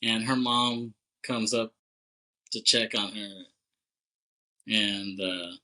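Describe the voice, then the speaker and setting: A man co-hosting a podcast, recapping a film plot in a loose, chatty way, full of "like", quick laughs and casual swearing. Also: fairly low pitch, fairly even intonation, sharp tone, poor audio. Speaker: podcast co-host.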